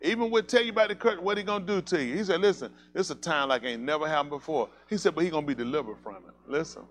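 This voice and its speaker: A man's voice: on the high side, fast talker, fairly bright tone. A man preaching a fiery sermon as pastor, emphatic and colloquial, repeating calls like "listen" and firing rhetorical questions at the congregation.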